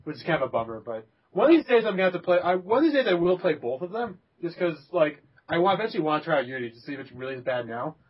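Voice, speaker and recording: A man's voice: on the high side, big pitch swings, very fast, hardly any pauses, slightly rough. A young man hosting a casual gaming podcast, rambling with lots of fillers, restarts and laughs. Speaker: podcast host. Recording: dull lo-fi recording.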